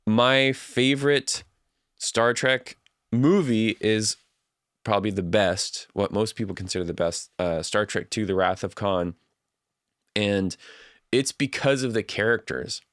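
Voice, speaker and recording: A man's voice: on the low side, measured pace, a bit bright, dry recording, studio quality. A man hosting a livestream, chatting casually and reading out viewer comments. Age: adult. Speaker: livestream host.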